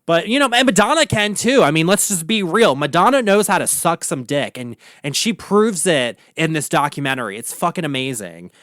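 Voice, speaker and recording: A man's voice: a little high, animated, a little fast, hardly any pauses, fairly bright tone, no room sound, studio quality. Campy, profane drag queen man with Baltimore accent. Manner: campy, profane, chatty with many "like" fillers. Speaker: drag queen podcast host. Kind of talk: casual solo rant.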